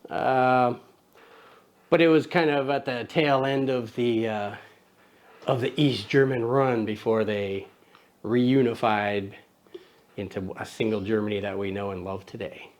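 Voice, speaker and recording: A man's voice: medium pitch, fairly even intonation, measured pace. A man hosting a casual lens review show, playful and jokey, chatting to a toddler sidekick. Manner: playful, jokey, talks to his toddler co-host. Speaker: camera review host.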